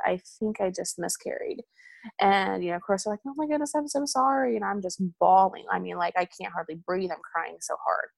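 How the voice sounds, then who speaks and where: A woman's voice: mid-range voice, vocal fry, no echo. A young woman telling a personal story in a candid, rambling way, with many ums and asides. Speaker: hospital supervisor sharing a personal story.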